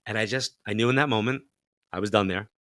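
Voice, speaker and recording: A man's voice: on the low side, quick pace, no echo, studio quality. A middle-aged man, a psychic medium guest, telling a story in a casual interview, with lots of fillers and acted-out quotes. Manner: animated storyteller who acts out quoted voices, many fillers.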